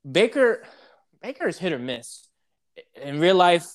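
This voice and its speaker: A man's voice: sits high, very animated, a little slow. A man co-hosting a casual sports debate show, talking animatedly and repeating his points to hype the game.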